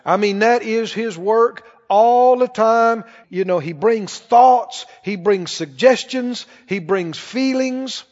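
A man with a notably high voice preaches to his congregation, asking them questions as he goes. The sound is muffled and lo-fi, with a long reverb trailing off through a large church hall. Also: takes it slowly, hardly any pauses, darkish tone. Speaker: pastor. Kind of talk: sermon. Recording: dull reverberant church recording.

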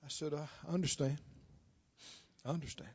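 A male preacher delivering a sermon, prodding the congregation with questions and swinging between shouts and hushed storytelling. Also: fairly high pitch, fairly even intonation, normal speed, breathy edge, lo-fi sound.

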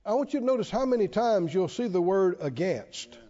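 High, mellow preacher in a reverberant hall. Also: male voice, animated, brisk. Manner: emphatic, repetitive, asks the congregation questions. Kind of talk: sermon. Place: church. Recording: dull, lo-fi church hall reverb.

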